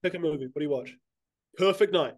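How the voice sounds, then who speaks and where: A man who is a guest in a relaxed podcast chat, his voice sitting a little higher than most men's. He teases and stresses his points with casual swearing. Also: quick pace, dry recording. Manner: teasing, emphatic, swears casually.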